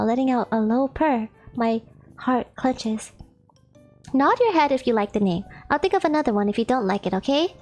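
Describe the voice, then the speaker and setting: A woman streamer reads a dating visual novel aloud and jokes between the lines. Her voice is high and playful and giggly. Soft game music plays faintly behind her.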